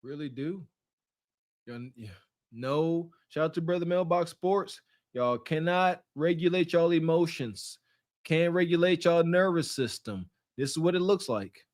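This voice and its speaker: A man's voice: on the high side, a little slow. A man co-hosting a podcast, giving casual sardonic commentary on a video and drawing out words for effect. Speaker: podcast co-host.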